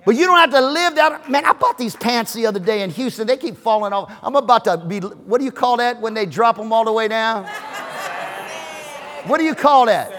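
A man preaching a sermon as pastor, emphatic and joking, with shouted peaks. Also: very high-pitched, animated, a little fast, a little hiss or hum. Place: church auditorium. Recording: reverberant hall.

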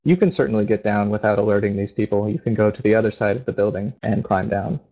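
A man with a low voice runs a tabletop game as game master. He narrates scenes in a steady, descriptive way. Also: quick pace, low-quality recording.

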